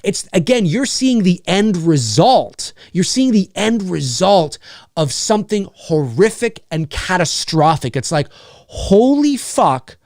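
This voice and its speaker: A man co-hosting a podcast, talking casually and swearing freely as he pitches a story idea. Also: a little slow, no room sound, clean studio sound. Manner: profane, animated storytelling with many fillers. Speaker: podcast co-host.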